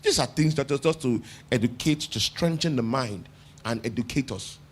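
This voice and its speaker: A man's voice: medium pitch, normal speed, a little hiss or hum. A man with a Nigerian English accent preaching a sermon as pastor, talking conversationally, asking the congregation questions and repeating phrases for emphasis.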